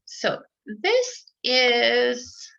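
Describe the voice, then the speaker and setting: A woman's voice: on the high side, very animated, very slow, creaky, a bit bright. A woman presenting a live online tech workshop for teachers, chatty, with lots of fillers and restarts. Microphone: computer mic on a video call. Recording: dull lo-fi online call audio.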